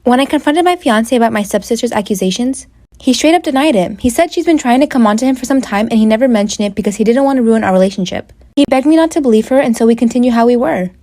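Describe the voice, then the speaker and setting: Brief: woman, rapid delivery, mellow slightly high voice, dry sound. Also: animated, dry recording. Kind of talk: casual storytime.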